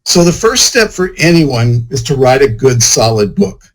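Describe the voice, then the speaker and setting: Interviewed as a guest, the male author rambles casually, leaning on "you know" again and again. His mid-range voice has big pitch swings at a moderate pace, captured on poor audio.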